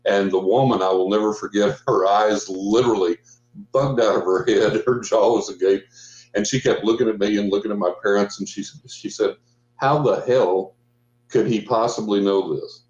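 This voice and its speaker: An older man with a low voice tells a story in a loose, rambling way, full of restarts. His audio sounds roomy and muffled, as if from a remote call. He speaks as a guest on a radio talk show. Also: steady tone, fairly quick, darkish tone. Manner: rambling, with frequent restarts and quoted dialogue. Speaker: guest psychic. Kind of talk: casual storytelling interview.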